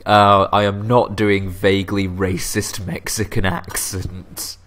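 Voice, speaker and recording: A man's voice: sits low, level tone, takes it slowly, a bit bright. A man narrating a video game playthrough, cracking self-deprecating jokes. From England, Lancashire. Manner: joking, self-deprecating asides. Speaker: let's play host. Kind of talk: video game let's play commentary.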